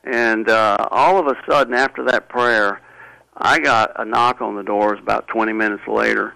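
Man, interview guest, gravelly voice, halting earnest storytelling, dry sound. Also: on the low side, fairly even intonation, sharp tone, no echo, rough recording. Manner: halting and earnest, many restarts and fillers. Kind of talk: personal storytelling in conversation.

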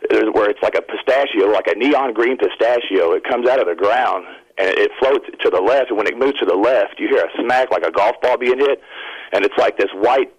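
A man calling in to a radio show, telling a long excited story in a rambling, self-interrupting way. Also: lowish voice, fairly quick, breathy edge, dull audio. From Indiana. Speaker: caller. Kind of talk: phone-in storytelling.

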